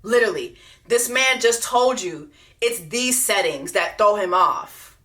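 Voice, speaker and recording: A woman's voice: mid-range voice, expressive, unhurried, sharp tone. A woman hosting a reaction video, talking bluntly and profanely, repeating her points for emphasis. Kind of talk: unscripted reaction commentary.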